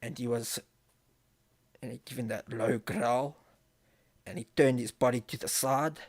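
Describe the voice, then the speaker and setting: A man's voice: mid-range voice, steady tone, a little slow. A man casually telling a story on a live stream, swearing often and repeating phrases as he builds tension. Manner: profane, vivid storyteller who repeats phrases.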